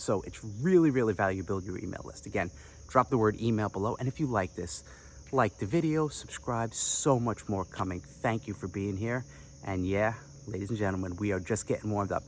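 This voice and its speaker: A man giving direct-to-camera business advice as an online coach, energetic and chatty with playful asides. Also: on the low side, fairly quick, a little hiss or hum.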